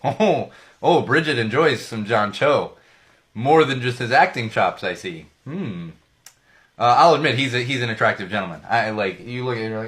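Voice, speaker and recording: A man's voice: medium pitch, animated, moderate pace, fairly bright tone. A man hosting a casual solo podcast, rambling and joking with frequent restarts and self-corrections, his voice a little worn. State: slightly losing his voice. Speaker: podcast host.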